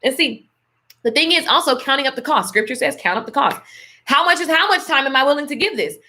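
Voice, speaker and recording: Speaking fast and animatedly, a woman motivational speaker on a live stream delivers an emphatic, casual pep talk full of endearments such as honey and darling. Her voice is high, bright, and clear, with a churchy, preachy feel the whole way.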